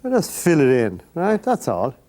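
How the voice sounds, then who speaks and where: A man's voice: a little high, huge pitch swings, moderate pace, warm tone. An older Irish man hosting a painting lesson, chatting to the viewer in rambling, folksy asides while he works. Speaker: painting instructor and host.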